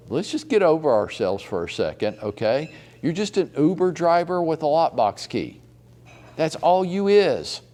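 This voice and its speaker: A man's voice: medium pitch, darkish tone. A man coaching real estate agents in a live training session, blunt and profane, with mocking bursts.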